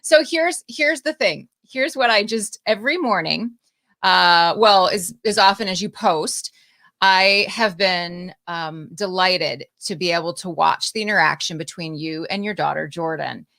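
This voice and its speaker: A woman's voice: lowish voice, a little slow, creaky, fairly bright tone. Effusive woman hosting a live podcast. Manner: effusive and encouraging, gushing praise. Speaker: podcast host. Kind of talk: live-streamed interview.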